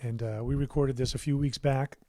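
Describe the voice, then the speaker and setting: A man's voice: medium pitch, steady tone, fairly quick, dry recording. Man chatting loosely on a studio livestream. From United States. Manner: rambling, warm asides, many fillers and restarts. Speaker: musician hosting his own livestream. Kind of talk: casual livestream chat. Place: his home recording studio.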